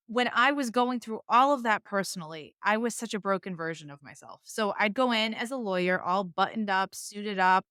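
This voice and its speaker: A woman's voice: medium pitch, bright, forceful tone, smooth, no echo, clean studio sound. A middle-aged woman with a Boston accent, a divorce attorney telling her own story candidly as a podcast guest. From Boston area, US. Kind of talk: podcast conversation.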